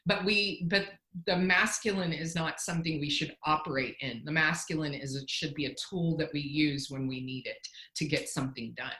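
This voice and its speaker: A woman's voice: deep voice, moderate pace, sharp tone, roomy sound, low-quality recording. A woman, a company founder, telling a candid, self-deprecating story in a casual interview, often restarting her sentences.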